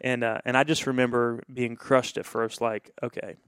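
Pastor, man, smooth voice, dry recording; casual storyteller who plays out the dialogue. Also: medium pitch, normal speed, dry recording. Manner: animated, acts out quoted dialogue.

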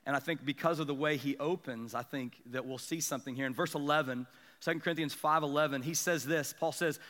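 A young adult male pastor delivers an animated sermon, drawing the congregation in with stories and quick asides. His voice sits high and bright, with a ringing, forward edge. The sound carries a long reverb from a church sanctuary.

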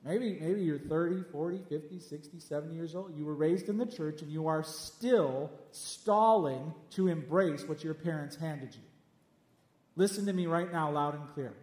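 A man's voice: fairly high pitch, moderate pace, darkish tone. A man preaching a sermon as a pastor, emphatic and direct, repeating his points at his listeners. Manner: emphatic, repeats lines, speaks straight at listeners. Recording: echoey hall with long reverb.

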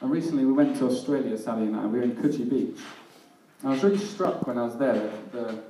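A man's voice: mid-range voice, quick pace, noisy background. A man preaching a sermon in a casual, self-deprecating way, often laughing at himself. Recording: echoey hall, mic at a distance.

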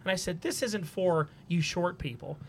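Podcast host, male, slightly high voice, loose and chatty storyteller. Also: normal speed, breathy edge. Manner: storytelling, laughs often. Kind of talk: casual chat.

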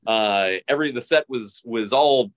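A man co-hosting a podcast in casual chat, lively and quick to mimic others. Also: medium pitch. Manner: animated, mocking quotes in an exaggerated voice. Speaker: podcast co-host.

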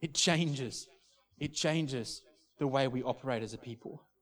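A man's voice: medium pitch, a little slow, fairly bright tone. A man, a pastor preaching a sermon through a personal story, restarting and repeating words as he talks.

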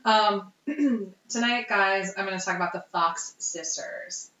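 A hoarse woman co-hosts a casual podcast, her voice still bright and forceful despite the illness. She laughs often and swears freely. The sound is roomy and echoey, a little dull. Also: medium pitch, slow. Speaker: podcast co-host. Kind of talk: casual chat.

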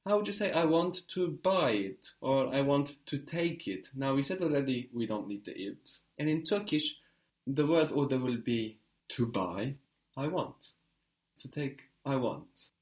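A man's voice: mid-range voice, animated, measured pace. A man teaching a one-to-one Turkish lesson, explaining patiently and repeating words for his student.

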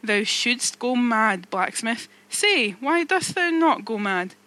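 A brooding, obsessed old sea captain voiced by a woman reading a novel aloud, declaiming in archaic speech with a bright, ringing tone. The voice stays raised and pressing. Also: on the high side, sing-song, slow, exaggerated voice. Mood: impatient.

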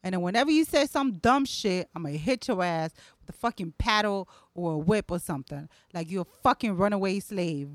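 A woman co-hosting a podcast in casual chat, loud and profane, laughing and acting out voices. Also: fairly low pitch, lively intonation, fairly quick, few pauses, dry recording. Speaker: podcast co-host.

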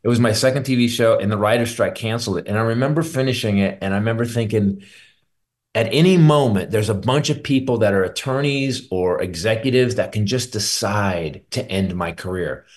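A man's voice: lowish voice, a little fast. A middle-aged man, a stand-up comedian, telling candid, rambling stories as a guest on a radio interview.

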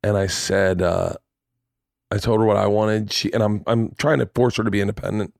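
A man's voice: lowish voice, normal speed, creaky, dry recording, studio quality. A man in his forties hosting a podcast, telling stories in casual chat, swearing freely and acting out the voices of people in his stories. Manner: animated storyteller, swears freely, acts out voices. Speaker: podcast host.

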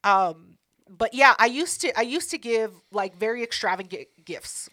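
A woman co-hosting a podcast, chatting casually with quick, teasing retorts. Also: on the high side, expressive, pushed and bright. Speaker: podcast co-host. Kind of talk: casual chat.

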